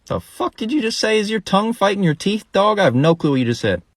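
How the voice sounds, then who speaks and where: A man puts on a brash young bro who talks fast and loud, his pitch leaping around as he mocks and dismisses his buddy. The sound is dry and close. It is a quick comedy-sketch voice. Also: sing-song, husky, dry recording. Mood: mocking.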